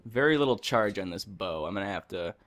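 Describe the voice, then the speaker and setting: A man's voice: sits low, lively intonation, fast, a bit bright, faint music behind. Young man ranting over gameplay. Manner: ranting, profane, rambling. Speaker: gaming channel host. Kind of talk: casual let's-play commentary.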